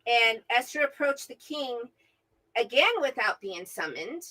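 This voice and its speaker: A middle-aged woman, mother of her co-host, retelling a Bible story as an animated storyteller who keeps asking "right?". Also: a little high, measured pace, low-quality recording. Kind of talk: casual Bible discussion. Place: at home, remote from her co-host.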